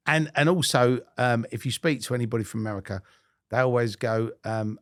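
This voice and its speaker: Easygoing host, dry close sound. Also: male voice, medium pitch, brisk, no echo. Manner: laughing, easygoing banter. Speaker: podcast host. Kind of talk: casual chat.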